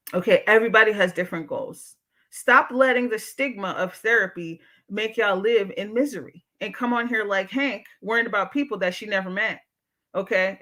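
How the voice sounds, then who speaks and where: This livestream host, a therapist, reads viewers' comments and lectures them, cursing freely and speaking with blunt candor. She has a medium-pitched, bright voice with a forceful tone.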